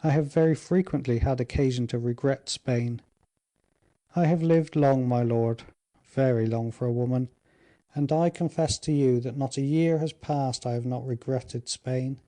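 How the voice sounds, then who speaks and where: A man reading an aging queen, gently stern. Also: mid-range voice, moderate pace, close to an everyday voice. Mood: gentle.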